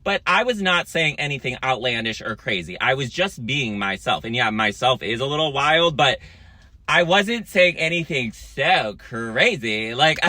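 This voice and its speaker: A man's voice: mid-range voice, bright, forceful tone, no echo. A man telling a storytime monologue to camera in a sassy, profane, dramatic way.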